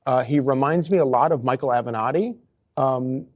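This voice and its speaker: A man giving TV news commentary, dismissive, halting with fillers. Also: medium pitch.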